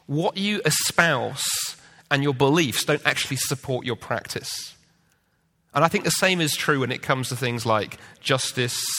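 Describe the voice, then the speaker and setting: A man on a debate panel, arguing his point and telling stories with acted-out voices. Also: fairly high pitch. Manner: animated storyteller, acts out quoted voices. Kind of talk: public debate talk. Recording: long hall reverb.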